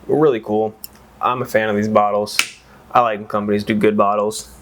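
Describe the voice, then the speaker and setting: A man's voice: on the low side, level tone, normal speed, background noise. A man reviewing whiskey in a casual, rambling chat that wanders off on tangents and is full of exclamations. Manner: exclaims and swears freely.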